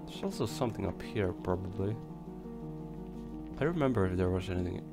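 A young man casually commenting on his gameplay, chatty and swearing, his voice hoarse from coughing. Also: low-pitched, expressive, a little fast, pauses often. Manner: chatty, swears, talks to creatures on screen. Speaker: let's play gamer. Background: game music.

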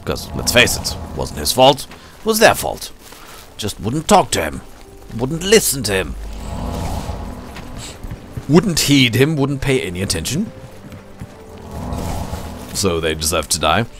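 A low-voiced man gives casual commentary over his own gameplay, rambling and talking to himself. He speaks slowly with lively swings in pitch and plays at being angry. Faint game music sits underneath. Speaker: let's play host.

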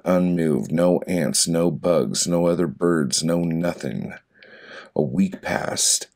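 A man with a low, gravelly voice reads his own poems for an audiobook. His delivery is dry and deadpan, with slow pauses between short lines.

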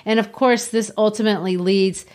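A woman's voice: mid-range voice, steady tone, moderate pace, darkish tone. A woman hosting a literature podcast, talking animatedly about a classic novel and laughing often. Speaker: podcast host. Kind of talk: literature discussion with read-aloud passages.

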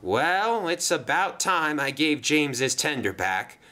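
Give me a man playing a mischievous storybook steam engine. He talks in a raised, playful voice and is quick and sly with his jokes. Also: a little high, big pitch swings, bright, forceful tone, voice pushed up, heavily acted. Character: cheeky male steam engine, prankster.

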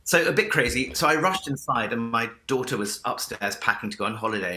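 A man's voice: mid-range voice, fast talker, few pauses, pushed and bright, echoey room. A middle-aged man with a posh English accent, a vocal coach telling his story as an interview guest in a theatrical, effusive way. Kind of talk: enthusiastic interview answers. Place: remote link from home with piano.

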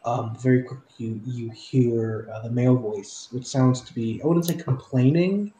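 A man's voice: medium pitch, moderate pace, warm tone, reverberant, rough recording. A man narrating as game master of a tabletop game, describing scenes with frequent fillers.

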